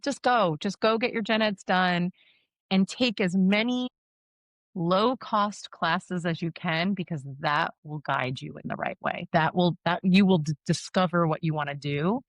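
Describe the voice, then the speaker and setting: Woman, 30s, funeral director guest; frank, quick, laughs easily; lower register, dry close sound. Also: dry recording. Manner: candid, quick, laughs often. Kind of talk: casual interview conversation.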